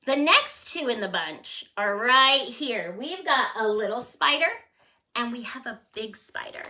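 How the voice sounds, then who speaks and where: A woman librarian hosting a children's storytime, playful and animated as she leads songs and reads aloud. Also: sits high, a little slow. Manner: playful, animated, sing-song voices for kids.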